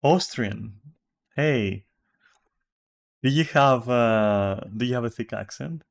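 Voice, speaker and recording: A man from Greece, speaking with a Greek accent, streams a game from home and chats casually with viewers. His mid-range voice is slow with vocal fry, and he rambles and swears casually.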